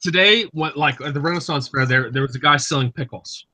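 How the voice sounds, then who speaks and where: A man with a bright, slightly raised voice spins long, profane anecdotes on a group call. He rambles, restarts, and acts out the other people in his stories. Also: fairly high pitch, a little fast, rough recording. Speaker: host. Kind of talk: casual group chat. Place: online voice call.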